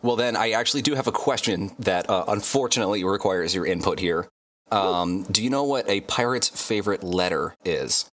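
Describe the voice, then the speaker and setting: A man's voice: low voice, moderate pace, a bit bright. A man guest on a casual podcast, laying out facts in a laid-back way and swearing now and then.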